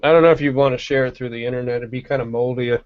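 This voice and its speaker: A man's voice: medium pitch, fairly even intonation, very fast. A man on a casual stream hangout, rambling, cursing and laughing a lot. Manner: laughs often, rambling and profane. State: coughing from asthma. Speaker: stream co-host. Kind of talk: casual profane chat. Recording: dull dry home mic.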